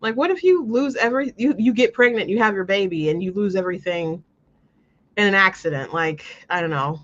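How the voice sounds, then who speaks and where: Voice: mid-range voice, a little fast, fairly bright tone, dull audio. A show host talking casually in an earnest, rambling way, with many restarts. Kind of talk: casual commentary monologue.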